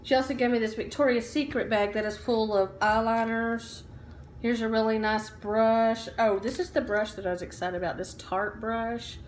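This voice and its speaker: A woman's voice: on the high side, steady tone, normal speed, echoey room, slight background noise. A woman chatting casually in a home haul vlog, upbeat, with lots of ums and likes. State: out of breath while standing. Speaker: vlogger. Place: room at home.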